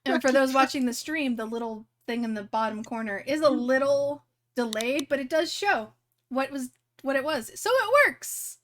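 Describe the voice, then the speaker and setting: A woman's voice: high-pitched, moderate pace. A young woman running a tabletop game on a live stream, rambling with many fillers and restarts. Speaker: game master.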